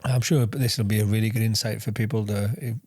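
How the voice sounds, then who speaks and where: A man hosting a podcast, speaking in relaxed, rambling remarks. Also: fairly low pitch, a little fast, dry recording, clean studio sound. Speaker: podcast host.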